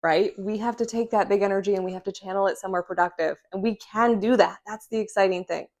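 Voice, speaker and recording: A woman's voice: mid-range voice, steady tone, fast talker, a little mellow. A woman, a respiratory therapist, talking frankly and reassuringly to her phone camera at home, often checking in with "okay?" and "right?". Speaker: respiratory therapist sharing breathing tips. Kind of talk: casual direct-to-camera vlog. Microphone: phone camera under ring light.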